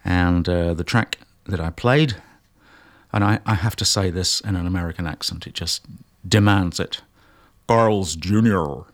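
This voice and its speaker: A jazz radio host with a low-sitting voice chats in an unhurried, casual way between songs, often pausing and using fillers.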